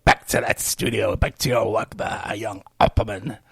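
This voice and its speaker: A man's voice: on the low side, fairly even intonation, moderate pace, creaky, slightly rough, no room sound, clean studio sound, pitched below the performer's own voice. A man voicing a stern, curt older male headmaster who scolds. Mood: scolding.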